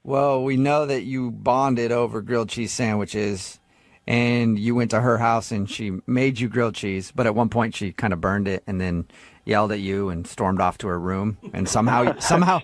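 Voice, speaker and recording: A man's voice: on the low side, moderate pace, no echo. A man hosting a morning radio show, bantering and teasing with an upbeat delivery. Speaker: radio host. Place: radio studio.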